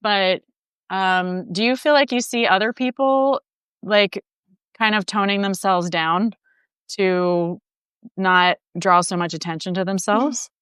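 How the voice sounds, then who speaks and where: Woman host, middle pitch, smooth clear voice, dry sound; engaged interviewer. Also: slow, fairly bright tone, no echo. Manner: engaged, frequent affirmations and questions. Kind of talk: casual interview.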